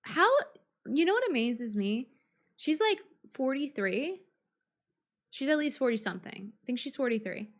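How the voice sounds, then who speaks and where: Combative, high-voiced woman ranting. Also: animated, normal speed, long pauses. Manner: combative and profane, with frequent fillers and restarts. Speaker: streamer. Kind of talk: live-stream reaction rant.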